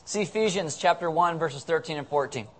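Male pastor, conversational sermon with humor, a bit high-pitched, acts out quotes loudly. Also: brisk. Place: church sanctuary.

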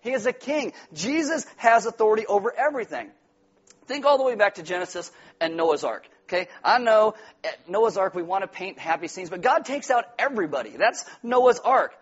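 A male pastor, around his forties, preaching an animated, joking sermon and acting out quotes in loud put-on voices. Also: high-pitched, a little fast, slightly rough. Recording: dull lo-fi sound.

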